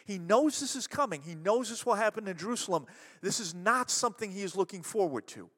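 Male pastor, high lively voice, emphatic sermon delivery, echoing hall. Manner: animated, emphatic preaching with dramatic slowdowns.

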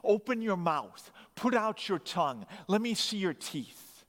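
A man's voice: sits high, sing-song, unhurried, fairly bright tone, pitched above the performer's own voice, heavily acted. A man voicing a brutal male Nazi camp commandant who barks and screams orders. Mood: furious, barking. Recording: long hall reverb.

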